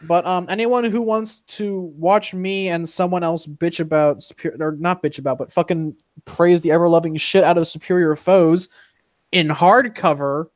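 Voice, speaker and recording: A man's voice: a little high, steady tone, moderate pace, no room sound, clean studio sound. A young man hosting a casual stream chat, rambling and swearing, with plenty of fillers along the way. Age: young adult. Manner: profane, rambling, full of fillers. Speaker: stream host.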